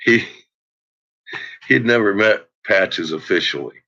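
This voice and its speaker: A man rambling casually in a home vlog, swearing a lot and laughing often, dropping to low mutters and rising to loud shouts. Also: slow pace. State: uses bottled oxygen. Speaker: vlogger. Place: at home with a dog. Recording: dull lo-fi home recording.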